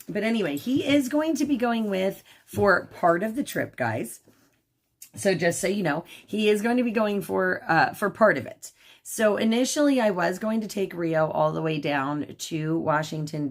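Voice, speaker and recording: Woman with a low voice rambling on a home livestream, lots of ums, baby talk to her dog. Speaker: livestream host. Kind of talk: casual livestream chat. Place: at home indoors.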